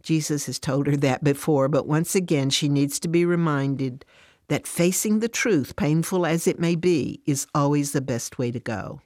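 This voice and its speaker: A woman narrating a devotional story in a plain, steady way. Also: deep voice, moderate pace, no echo, studio quality.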